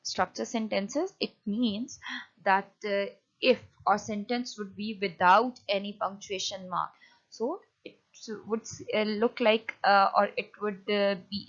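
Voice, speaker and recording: Slow, hesitant woman teaching a lesson. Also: medium pitch, fairly even intonation, lo-fi sound. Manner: hesitant, many fillers and restarts while explaining. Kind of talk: classroom lecture on punctuation.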